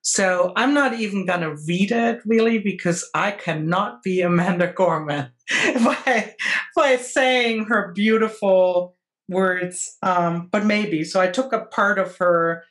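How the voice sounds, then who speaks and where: A woman with a non-native English accent, chatting casually on a video call as an artist and co-host, hesitant and full of fillers and pauses. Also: medium pitch.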